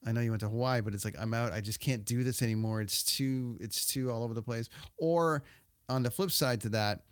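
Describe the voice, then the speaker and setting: A man's voice: mid-range voice, fairly quick, no room sound, studio quality. A man from Ontario, Canada, hosting a casual interview, rambling with many fillers and restarts. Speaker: podcast host.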